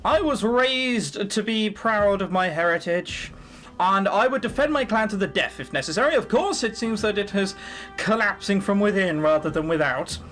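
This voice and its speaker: A man's voice: sits high, lively intonation, moderate pace, a bit bright, faint music behind. A man voicing a proud, formal male warrior who talks stiffly in a visual novel reading. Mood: solemn.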